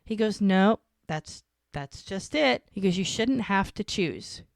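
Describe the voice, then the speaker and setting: A woman's voice: mid-range voice, animated, slow pace, gravelly, no room sound, clean studio sound. A woman co-hosting a podcast, retelling a scene in casual chat and quoting the dialogue. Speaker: podcast co-host.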